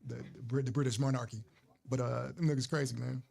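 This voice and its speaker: A man's voice: mid-range voice, fairly even intonation, fairly quick, vocal fry, a little mellow. A man co-hosting a casual livestream chat, telling stories and bantering. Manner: storytelling, banter, reads chat names. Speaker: podcast co-host.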